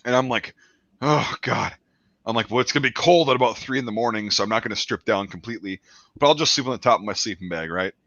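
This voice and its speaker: A podcast host tells an animated story full of swearing in loose chat, talking at a racing pace in a lowish voice. His voice is bright and forceful, recorded close and dry with no echo, though the sound is a little dull.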